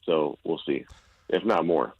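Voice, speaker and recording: A deep-voiced man joins a radio sports show as a reporter guest, rambling in a relaxed, tired way. The call sounds muffled and dull, and dry with no room around it. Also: a little slow, slightly rough, no echo. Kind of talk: casual radio interview.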